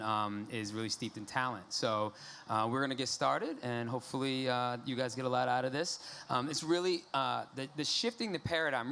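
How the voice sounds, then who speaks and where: A man moderating a conference panel on stage, joking and relaxed with many fillers. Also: medium pitch, creaky, a little hiss or hum.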